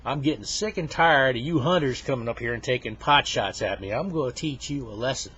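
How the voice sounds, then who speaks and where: A man voicing a mean, bossy male bear in a joke he tells, barking threats in a raised voice. The recording is dull and lo-fi. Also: brisk. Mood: menacing. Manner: gruff threatening bark, louder and higher than the teller.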